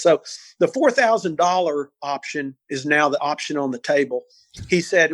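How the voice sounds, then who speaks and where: A man in his sixties, an interview guest recounting cases in an animated way, often repeating words as he goes. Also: a little high, moderate pace, no echo. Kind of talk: storytelling interview.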